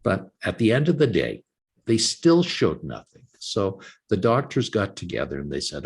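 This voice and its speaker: A man's voice: low-pitched, normal speed, husky. A man in his sixties, a guest author from Canada, telling his story in an interview and acting out the voices of others as he goes. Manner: animated storyteller acting out quoted dialogue.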